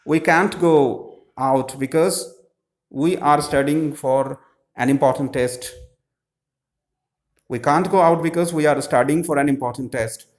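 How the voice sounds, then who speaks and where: A man, explaining textbook grammar answers slowly, with many pauses and fillers. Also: fairly high pitch. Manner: slow, halting, many "uh" fillers. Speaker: English teacher.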